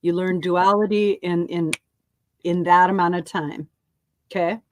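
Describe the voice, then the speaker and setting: A woman guiding a conversation in a calm, measured way, checking in with short questions. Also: lowish voice, a little hiss or hum.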